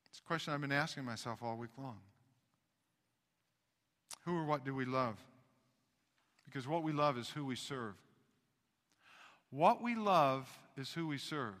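A man preaching a sermon as pastor, talking conversationally and swinging between loud emphasis and hushed asides. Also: on the high side, in a large hall.

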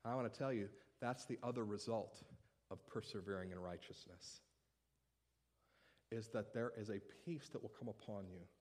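A male pastor delivering a sermon in an animated, humorous, conversational way. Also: fairly low pitch.

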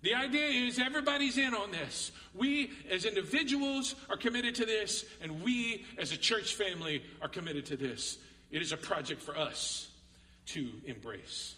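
A man's voice: sits high, expressive, a little slow, sharp tone, slight background noise. A man with a Texan accent preaching a sermon as pastor, earnest and repeating key phrases for emphasis, in a church sanctuary. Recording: echoey hall from far off.

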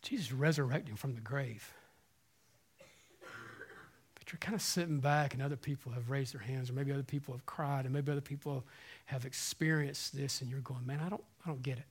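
A man preaching an Easter sermon as pastor, impassioned, swinging between hushed passages and loud ones. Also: mid-range voice, fairly even intonation, moderate pace, breathy edge. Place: church hall with congregation.

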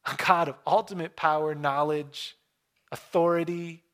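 A man's voice: on the high side, fairly even intonation. Earnest pastor man preaching. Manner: earnest, with dramatic hushed pauses. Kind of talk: sermon. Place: church room.

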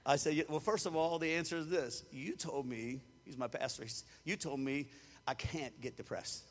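A man's voice: a little high, moderate pace, in a large hall. A man from Louisiana, preaching a sermon as a storyteller who acts out the quotes and chuckles often. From Louisiana, USA. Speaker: pastor.

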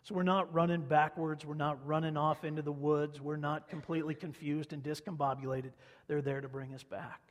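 A man's voice: fairly high pitch, flat delivery, fairly quick, big-room sound. A man from Kansas, a pastor, preaching a sermon in a conversational storytelling way, repeating phrases for emphasis.

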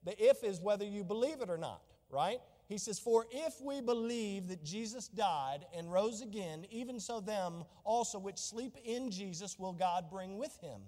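Guy pastor preaching, high voice, asks the church questions, long hall echo. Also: normal speed, few pauses, warm tone. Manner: preaching, reads scripture in old wording, asks the congregation questions. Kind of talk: sermon.

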